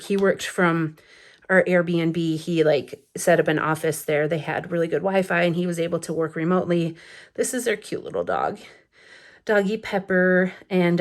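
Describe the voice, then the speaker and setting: A woman in her thirties chatting casually through a photo album flip-through late at night, rambling with lots of fillers and little laughs, a bit sleepy. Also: on the low side. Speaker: scrapbooking vlogger. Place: home at night.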